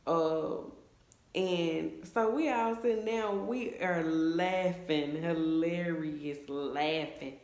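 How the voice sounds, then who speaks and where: A young woman telling a casual storytime vlog at home, chatty and animated as she talks to her viewers. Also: low voice, very slow. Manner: chatty and animated, voices her friends' lines in quotes. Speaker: vlogger. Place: at home in a room, taking her hair down on camera. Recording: echoey room.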